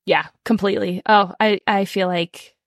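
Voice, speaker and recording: An enthusiastic woman in her thirties talks as a podcast guest, throwing in lots of likes. Her pitch is ordinary and middling, and the sound is close and dry. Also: steady tone, normal speed, no echo. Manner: enthusiastic, warm-hearted, says like a lot. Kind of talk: casual podcast chat.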